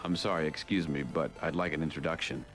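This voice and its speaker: Deep calm leader, very low voice, steady orders, music behind. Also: male voice, quick pace. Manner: steady, instructive. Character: calm, commanding adult male leader.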